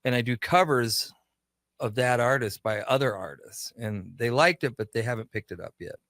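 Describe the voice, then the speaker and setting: A man's voice: medium pitch, moderate pace, fairly bright tone, no echo. A man from Minnesota, a radio show creator and guest, telling anecdotes casually in a studio and acting out the dialogue. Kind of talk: casual storytelling.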